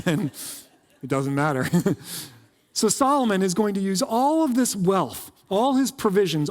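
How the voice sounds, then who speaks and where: A man preaching in a church, his voice sitting a little high and trailing off into a long reverb. He talks casually, tossing in jokes and quick asides as pastor. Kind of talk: conversational sermon. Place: church sanctuary.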